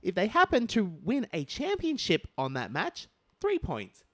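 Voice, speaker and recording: An Australian man co-hosting a casual podcast, excitable and theatrical and laughing often. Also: high voice, measured pace, no echo, clean studio sound. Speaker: co-host.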